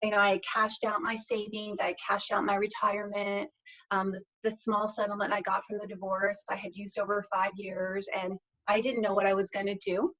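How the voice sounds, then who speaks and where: A woman's voice: mid-range voice, level tone, moderate pace, fairly bright tone. A middle-aged woman, a podcast guest, telling a personal story in an earnest, reflective way and often restarting her phrases. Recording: slightly dull lo-fi audio.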